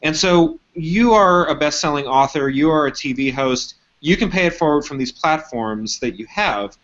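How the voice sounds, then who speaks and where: A man hosting an interview, asking questions in a measured, thoughtful way. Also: a little high, animated, a bit bright. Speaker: interview host. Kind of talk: live web interview questions. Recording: dull lo-fi audio.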